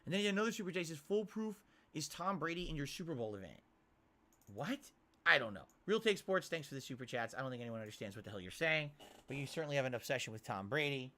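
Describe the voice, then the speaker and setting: A man's voice: fairly high pitch, quick pace. A man streaming from his home office, reading viewer tips aloud and ranting in an exasperated way. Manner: exasperated rants, animated. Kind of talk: livestream chat, reading tips. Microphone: desk mic.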